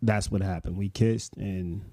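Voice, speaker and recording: A man in his late thirties, co-hosting a podcast, telling a story in a relaxed, rambling way full of "you know". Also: low-pitched, unhurried, no room sound. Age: late 30s. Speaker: podcast co-host. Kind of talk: casual storytelling chat.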